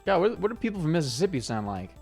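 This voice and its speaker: A man's voice: on the high side, big pitch swings, very fast, creaky, darkish tone, faint music behind. A man streaming a game with playful, rambling commentary, trying out silly accents. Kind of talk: casual let's-play commentary.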